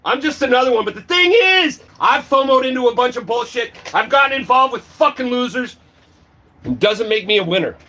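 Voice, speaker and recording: A man delivering a profane, angry rant to the camera, often shouting and mocking. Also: extremely high pitch, animated, fairly quick, faint music behind. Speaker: video creator.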